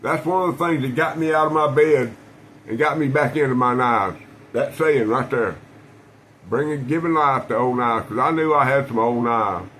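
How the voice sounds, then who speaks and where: A man, his voice sitting at an ordinary middle pitch for a man, talks casually to camera with faint room ambience underneath. He tells things in a folksy, rambling way, looping back on himself with restarts and fillers. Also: moderate pace, a bit bright, slight background noise, low-quality recording. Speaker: knife collector vlogger.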